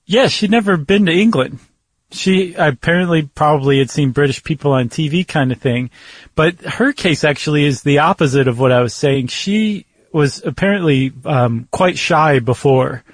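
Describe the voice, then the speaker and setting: A man's voice: a little high, normal speed, no room sound. A man co-hosting a podcast in casual chat, joking and laughing easily. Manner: jokey and easily laughing, conversational. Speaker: podcast co-host.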